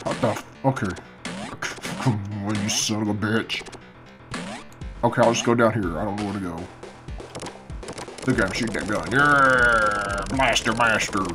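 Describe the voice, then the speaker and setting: A man's voice: fairly low pitch, fairly even intonation, moderate pace, long pauses, over music. A man doing casual gameplay commentary, swearing constantly and grumbling at the game, half asleep early in the morning. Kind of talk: casual let's-play commentary.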